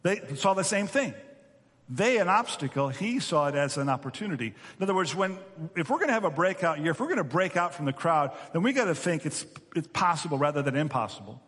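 A man preaching a sermon as a pastor, animated and acting out the voices of the story's characters. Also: a little high, fairly quick, big-room sound.

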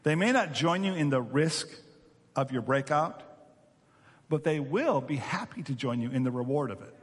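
A man preaching a sermon as a pastor, animated and acting out the voices of the story's characters. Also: medium pitch, moderate pace, big-room sound.

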